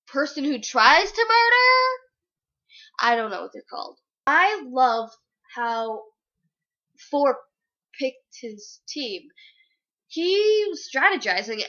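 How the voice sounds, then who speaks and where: Gushing young woman, bright and animated. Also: high voice, highs cut off. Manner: gushing, dramatic, very animated retelling. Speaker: book reviewer. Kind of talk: excited casual book review.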